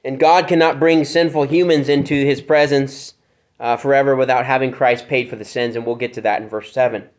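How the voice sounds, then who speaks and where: A man's voice: mid-range voice, fairly even intonation, fairly quick. A man preaching an expository sermon, earnest and searching for words, with fillers and restarts. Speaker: pastor.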